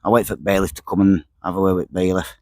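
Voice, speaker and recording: A man's voice: low-pitched, fairly even intonation, fast, no room sound. A man, chatting casually to camera while fishing by a lake, dropping words and repeating himself. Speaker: fishing vlogger. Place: lakeside outdoors.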